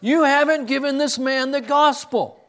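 A preacher playing a sharp, demanding college president. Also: male voice, a little high, expressive, unhurried. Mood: yelling. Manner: blunt, exasperated questioning.

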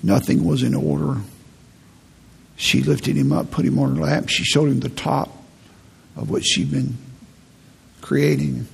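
A man's voice: mid-range voice, measured pace, long pauses. A middle-aged male pastor preaching a sermon, telling stories in an earnest, pastoral way. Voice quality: gravelly, husky. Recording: long reverb in a large hall.

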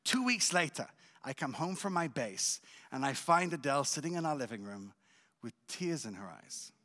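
Animated man telling his testimony in a hall. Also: medium pitch, moderate pace. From Israel. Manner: animated storytelling, keeps checking in with listeners. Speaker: guest speaker. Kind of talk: personal testimony at a church service. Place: church sanctuary.

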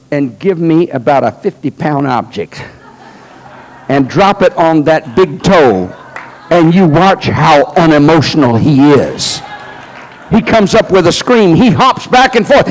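An older man, a pastor, preaching a sermon that swings from plain storytelling to loud, shouted exhortation. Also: a little high, sing-song, unhurried, poor audio. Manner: builds from conversational to shouting exhortation. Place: church.

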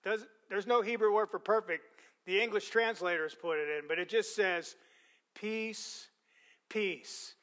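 High-voiced man preaching a sermon. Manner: reads scripture aloud, trails off softly at phrase ends; repeats words for emphasis, quick conversational asides.

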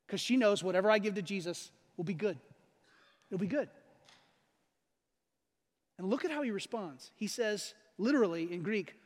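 A man preaching a sermon, animated and laughing often as he acts out quotes. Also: sits high, measured pace, long pauses. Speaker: pastor. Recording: long hall reverb.

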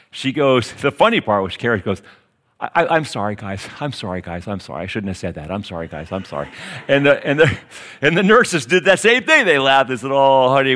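A middle-aged man preaching a conversational sermon as a pastor. He teaches in a folksy, storytelling way, often pausing to ask "see?" to check that his listeners are following. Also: mid-range voice, a bit bright. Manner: folksy, with frequent tag questions like "see?".

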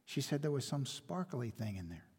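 A man preaching a sermon as pastor, telling a story dramatically, swinging from loud to hushed. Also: mid-range voice, big pitch swings, moderate pace, husky. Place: church sanctuary. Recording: long reverb of a church hall.

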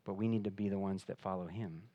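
Talking fast with fairly even intonation, a pastor preaches earnestly, raising pitch and force to emphasize and then sinking quiet. He restarts often by repeating words. The audio has no echo and the high frequencies are cut off.

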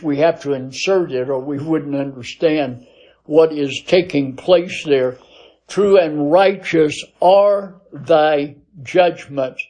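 A man teaching a Bible lesson, reading scripture aloud in a measured cadence and pausing often with "uh" as he explains. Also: on the high side, darkish tone. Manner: slow, deliberate teaching with frequent "uh" pauses.

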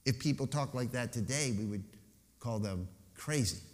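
A pastor preaches a sermon in a reverberant hall, his medium-pitched voice emphatic. He slows down to stress phrases and asks rhetorical questions that fall in pitch.

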